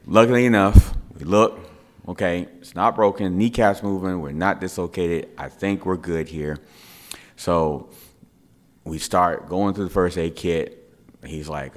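A middle-aged man with a very low, deep voice tells a family anecdote in a relaxed, spoken way. He gets animated and repeats words for effect, like a father recounting a story at home. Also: measured pace.

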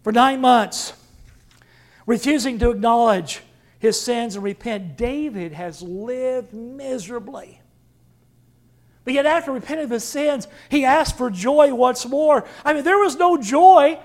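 A man preaching a sermon with dramatic swings from loud to hushed. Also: very high voice, measured pace. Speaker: pastor.

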